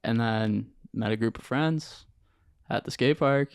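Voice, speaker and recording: A young man, a podcast guest, telling his story in an animated, slangy way with lots of acted-out quotes. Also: mid-range voice, measured pace, clear, resonant tone, dry recording, clean studio sound. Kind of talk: casual storytelling interview.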